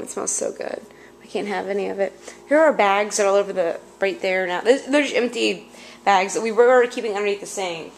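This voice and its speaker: Chatty young woman with a gravelly voice. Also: mid-range voice, a little hiss or hum. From Louisiana, United States. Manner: chatty, exasperated, rambling. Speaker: vlogger. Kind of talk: casual chat.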